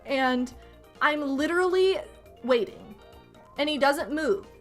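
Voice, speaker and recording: A young adult woman streamer ranting to her chat in an exasperated, animated way, swinging between loud outbursts and muttered asides. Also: high voice, slow pace, soft background music.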